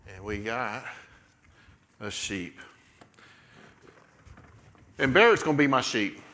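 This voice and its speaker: Slow, bright-voiced man coaching kids. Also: medium pitch, lively intonation. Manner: playful, coaching children through a skit. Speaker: children's church leader. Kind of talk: playful Bible storytelling with kids acting.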